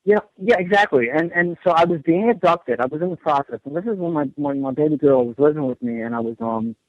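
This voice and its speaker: Man, radio guest, earnest, rambling, stumbles and repeats words, fairly high voice, dry dull recording. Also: expressive, fast, creaky, no room sound. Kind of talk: casual radio interview.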